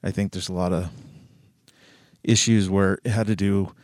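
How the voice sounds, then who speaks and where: A man's voice: low-pitched, fairly even intonation, normal speed, darkish tone, no room sound. Swearing male host, dry sound. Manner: loose and swearing, with many fillers. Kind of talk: casual commentary.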